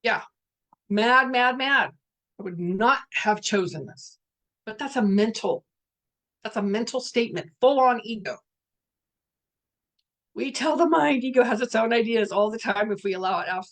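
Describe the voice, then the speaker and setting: A woman's voice: on the high side, moderate pace, long pauses. Middle-aged woman facilitator, earnest and blunt, spiritual talk delivery. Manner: candid, earnest, swears, reads out participants' messages. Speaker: workshop facilitator.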